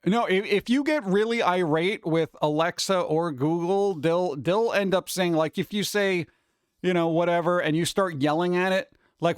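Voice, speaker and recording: A man's voice: sits high, moderate pace, clean tone, dry recording, clean studio sound. A man hosting a casual stream chat, rambling and mimicking gadget voices as he talks to his chat. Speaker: streamer host.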